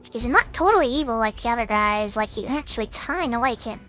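A woman's voice: a little high, lively intonation, fairly quick, a bit bright. A woman streamer chatting casually as she plays, thinking aloud about the game. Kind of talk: casual gameplay commentary. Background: game music.

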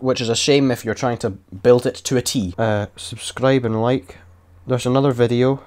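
A young man giving sweary, excitable and sarcastic commentary while building in a video game. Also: mid-range voice. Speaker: gaming YouTuber. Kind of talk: casual gameplay commentary.

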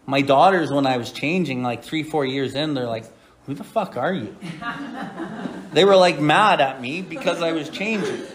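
A man's voice: fairly high pitch, normal speed, hardly any pauses. A middle-aged man hosting a recovery podcast, talking bluntly and profanely with many "right?" asides and reading aloud from a recovery book. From Canada. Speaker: recovery podcast host and sponsor. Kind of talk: blunt casual talk and Big Book reading.

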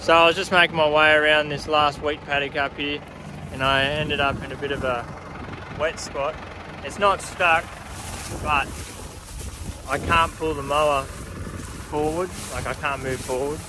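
A man, calmly talking through his farm work outdoors in an easygoing, matter-of-fact way. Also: fairly high pitch. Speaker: farmer vlogger. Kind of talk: casual narration of farm work. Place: outdoors on a farm near machinery. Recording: engine noise in background.

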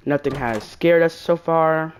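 A woman's voice: low voice, unhurried, a little hiss or hum. A woman giving casual horror-game commentary, jumpy and slangy, yelping at scares and muttering banter to viewers. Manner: animated, jumpy, shrieks at scares then mutters. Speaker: gaming YouTuber.

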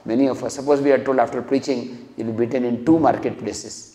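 A man's voice: mid-range voice, fairly even intonation, a little fast, mellow. A man giving an earnest devotional lecture, acting out quoted dialogue as he tells stories. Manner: earnest, acts out quoted dialogue with rising emotion. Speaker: speaker at a temple lecture. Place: temple hall. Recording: echoey hall.

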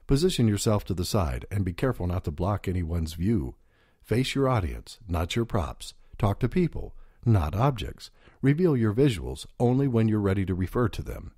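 Male narrator for an instructional audio program, low and mellow, measured, close dry studio read. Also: dry recording.

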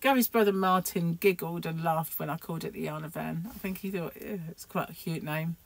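A woman's voice: on the low side, a little fast, vocal fry. A middle-aged woman, chatting to camera in a rambling, self-deprecating way. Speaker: crochet vlogger. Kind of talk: casual chat to camera.

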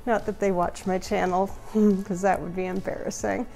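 A woman's voice: medium pitch, level tone, moderate pace, gravelly, warm tone. A woman hosting a casual houseplant tour vlog at home, chatty, goofy and rambling. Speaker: houseplant channel host.

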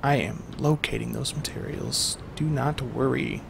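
A man's voice: mid-range voice, measured pace, creaky, noisy background. A young man giving rambling, jokey let's-play commentary to his viewers as a gaming host.

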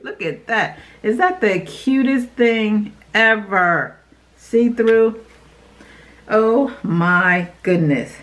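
A woman, a beauty YouTuber, chatting excitedly to her viewers while unboxing products in a casual vlog. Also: mid-range voice, takes it slowly. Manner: bubbly and excitable, talks to viewers as "y'all".

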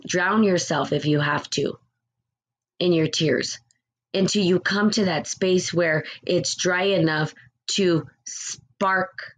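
A woman's voice: lowish voice, poor audio. A woman talking through spiritual ideas in a casual, conversational way, reading short passages aloud and acting out quoted people as she goes. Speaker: spiritual teacher.

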